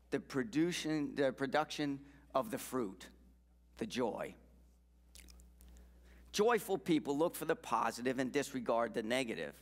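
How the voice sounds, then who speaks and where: A man giving an earnest, emphatic motivational talk at a church men's event, repeating key phrases. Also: a little high. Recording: long reverb in a church hall.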